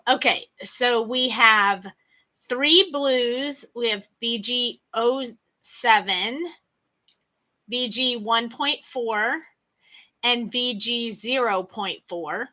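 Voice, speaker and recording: Slow, bright-voiced woman hosting a craft stream. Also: fairly high pitch, rough recording. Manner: chatty, greets viewers by name. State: hiccups and coughing. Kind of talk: live craft tutorial chat.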